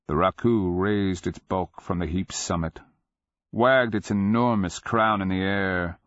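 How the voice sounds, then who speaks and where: A man narrating a dark fantasy story in a measured, deliberate way. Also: sits low, no echo. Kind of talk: dramatic fantasy audiobook narration. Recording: dull lo-fi dry recording.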